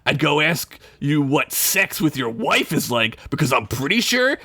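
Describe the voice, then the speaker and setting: A man's voice: on the high side, very animated, unhurried, bright, forceful tone, no echo, exaggerated voice. A man voicing a big, rude male orc who sneers in a blunt tirade, while reading a comedic story aloud. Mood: scornful.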